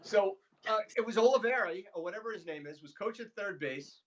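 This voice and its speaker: A high-voiced man co-hosting a casual sports chat show. He tells lively stories and slips into quick impressions of the people in them. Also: highs cut off. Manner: animated storyteller, mimics voices. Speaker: podcast co-host.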